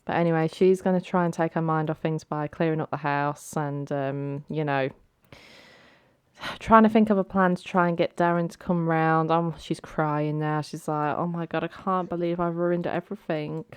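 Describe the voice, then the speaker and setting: A woman with a low, smooth, clear voice hosts a let's play from home. She tells the game's story in a chatty, dramatic way, recorded close and dry with no room echo. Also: steady tone, moderate pace. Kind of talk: casual gameplay commentary.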